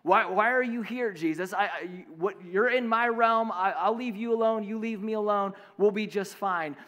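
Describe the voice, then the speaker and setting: A man's voice: sits high, normal speed, a bit bright, long reverb tail. A man voicing a possessed man in a plain, everyday voice during a sermon. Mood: defensive.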